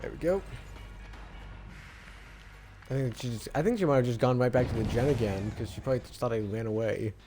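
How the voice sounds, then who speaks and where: A man's voice: mid-range voice, rapid-fire, hardly any pauses, over music. A man streaming a live game, talking to himself and to the other players in a stop-start, chatty way. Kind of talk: live gameplay commentary.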